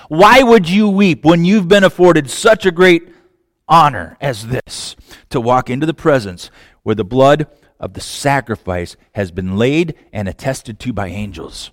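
A man preaching a sermon, asking rhetorical questions and swinging from hushed lines to loud, impassioned ones. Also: fairly high pitch, animated, normal speed, no room sound, studio quality. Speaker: pastor.

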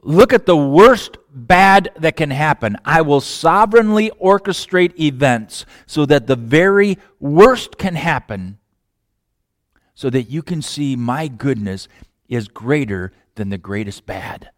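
Slow, dramatic male preacher. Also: fairly high pitch, expressive, no room sound, studio quality. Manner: dramatic pauses, swings from loud to hushed. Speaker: pastor. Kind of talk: sermon.

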